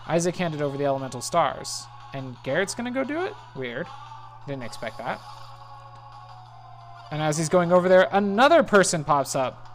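A woman's voice: low-pitched, big pitch swings, moderate pace, soft background music. A woman narrating a game playthrough in a casual, chatty way, reading the dialogue aloud.

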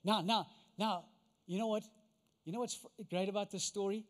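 High-voiced preacher. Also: male voice, normal speed, in a large hall. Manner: animated, conversational, acts out voices. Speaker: pastor. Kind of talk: sermon.

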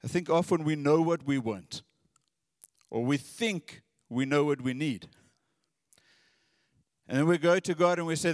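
A man's voice: on the high side, unhurried, pauses often, no echo, studio quality, long reverb tail. A man preaching a sermon in an earnest, conversational way, often repeating his words.

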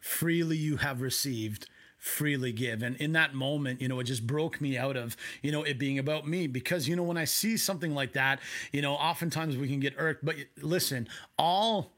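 A man preaching a sermon from home in a conversational way, with quick asides. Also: fairly high pitch, a bit bright. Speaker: pastor.

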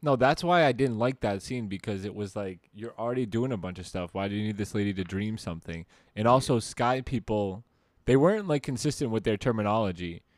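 A man's voice: on the low side, expressive, a little fast, dry recording. Male podcast co-host, close dry sound, jokey and argumentative, picks the film apart. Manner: jokey, complains about the film, argues back. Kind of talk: casual movie review chat.

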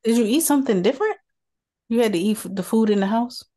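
A woman's voice: a little high, animated, fast, warm tone. Woman, 30s, podcast co-host, casual chat, teasing and sarcastic.

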